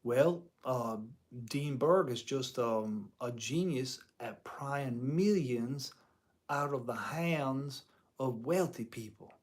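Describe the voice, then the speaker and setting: A man voicing a slow, drawling Southern man with a Southern US accent, speaking low and hushed. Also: natural voice. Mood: admiring.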